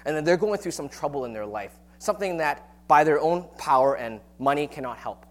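A man preaching a sermon on a Bible passage in a relaxed, conversational teaching manner, with frequent rhetorical questions. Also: on the high side, brisk, hardly any pauses. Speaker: pastor.

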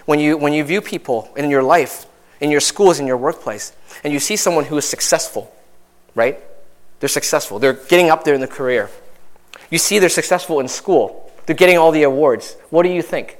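A young adult man preaching a sermon in a conversational way, with many asides and tag questions, his voice rising and growing louder as he drives a point home. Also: moderate pace. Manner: animated, rises in pitch and volume when stressing a point. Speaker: pastor.

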